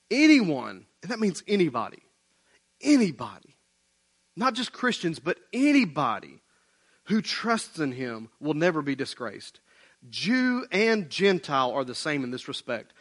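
Male pastor, casual lively preaching delivery, somewhat high-pitched. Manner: conversational preaching, animated, says "man, listen". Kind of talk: sermon. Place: church building, online service.

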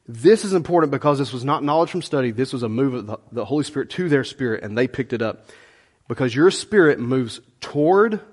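A middle-aged man preaching a sermon as pastor, conversational and animated, with folksy asides to the congregation. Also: mid-range voice.

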